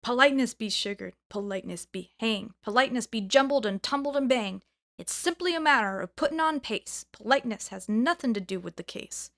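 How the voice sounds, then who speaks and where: A woman voicing an angry, rude male magic pudding with a thick, loud, bossy voice in a storybook reading. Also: on the high side, normal speed, close to an everyday voice.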